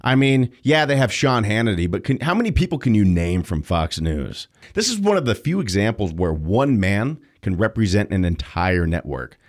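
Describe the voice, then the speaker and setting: A young adult man hosting an opinion podcast, sarcastic and animated, jumping between loud and quiet. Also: lowish voice, normal speed, few pauses. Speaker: podcast host.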